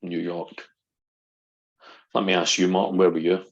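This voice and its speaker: A middle-aged man with a low, gravelly and husky voice. He chats as a podcast guest and tells lively stories, putting on the voices of the people he quotes. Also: measured pace, muffled recording. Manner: animated storyteller, acts out quotes. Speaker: guest, NLP practitioner. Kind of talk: casual podcast chat.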